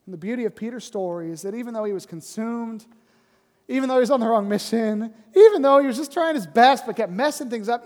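A man preaching a sermon as pastor, conversational and often asking "right?", dropping to a soft, low voice for emphasis. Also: long reverb tail.

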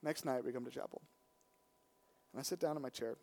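A male preacher delivering a sermon as a personal story, in a voice of middling height. He drops low and soft, then rises loud and emphatic, with a lively, animated delivery. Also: brisk, creaky.

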